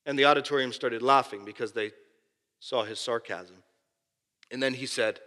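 A man preaching a sermon with passion, swinging between loud emphasis and hushed asides. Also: medium pitch, normal speed. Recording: long hall reverb.

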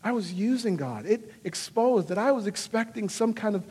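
High-voiced male pastor preaching in a hall. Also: moderate pace, husky. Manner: earnest, animated preaching with dramatic quoted voices. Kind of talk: sermon.

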